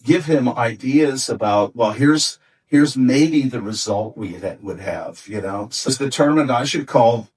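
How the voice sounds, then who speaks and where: A man's voice: medium pitch, measured pace, a little mellow, slightly rough, far from the mic, low-quality recording. A man, a former record company executive, telling anecdotes in an interview, rambling with many fillers and restarts.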